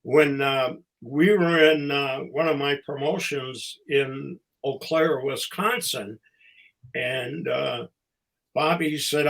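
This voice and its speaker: An older man, a former wrestling promoter and ring announcer, telling stories casually as a podcast guest, halting and fond, with pauses between phrases. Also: mid-range voice, creaky, a bit bright, rough recording. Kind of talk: casual anecdotal storytelling.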